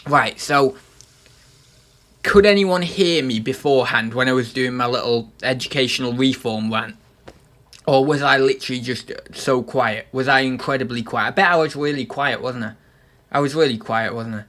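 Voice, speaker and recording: A man's voice: mid-range voice, moderate pace, fairly bright tone. A young man hosting a casual livestream, chatty and self-mocking as he rambles on about his new microphone. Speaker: livestream host. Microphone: desktop microphone.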